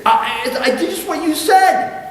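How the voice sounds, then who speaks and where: Man doing a squeaky, stammering fib-teller, echoey hall. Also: animated, moderate pace, a bit bright, distant mic. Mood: flustered protest. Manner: high, stammering, protesting. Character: flustered middle-aged man caught lying, pleading.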